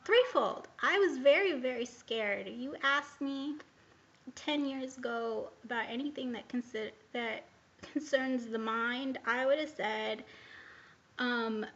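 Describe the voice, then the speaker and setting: A woman's voice: fairly high pitch, slow, fairly bright tone, highs cut off. A woman telling a personal story in a casual vlog, rambling and candid with many hesitations. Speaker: vlogger.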